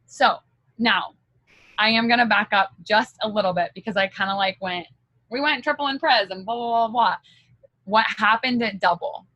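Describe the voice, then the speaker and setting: A woman's voice: mid-range voice, bright, forceful tone, dry recording, lo-fi sound. A woman giving a candid motivational talk as a direct-sales team leader, chatty and full of fillers.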